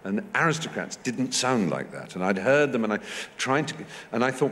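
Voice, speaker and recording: A man from England telling anecdotes on a festival stage, fluent and animated, acting out the voices he quotes. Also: medium pitch, moderate pace, big-room sound, a little hiss or hum. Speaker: festival guest. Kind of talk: onstage conversation, anecdotal storytelling. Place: festival stage in a large hall or tent.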